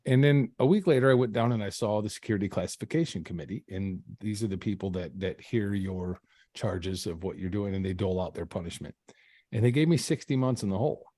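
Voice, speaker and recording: A man's voice: lowish voice, fairly quick, mellow, no echo, studio quality. A man, a podcast guest, telling his own story in an earnest, reflective way, often restarting his sentences. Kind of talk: casual storytelling.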